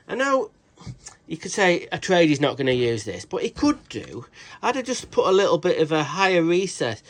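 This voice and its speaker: Sweary cheeky British man, higher voice. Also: fairly bright tone. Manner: rambling, swears a lot, restarts sentences; cheeky, jokey asides. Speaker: tool reviewer. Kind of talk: casual product review vlog.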